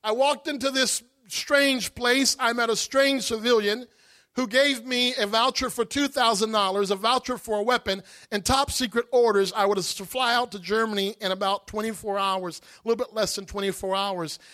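A man tells a personal story from a church pulpit, animated and dramatic. His voice sits very high for a man and sounds forceful and bright. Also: normal speed. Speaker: guest speaker giving testimony. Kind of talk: storytelling sermon testimony.

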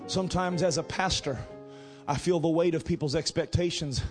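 A middle-aged male pastor preaching a sermon, building to drawn-out shouted emphasis. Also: on the high side, fairly even intonation, soft background music.

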